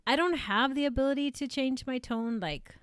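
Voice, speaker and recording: A woman streamer who does amateur voice acting, chatting casually and rambling with many fillers and restarts in a fairly flat delivery. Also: moderate pace, smooth, dry recording, clean studio sound. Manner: flat, low-emotion delivery. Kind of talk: casual live-stream chat.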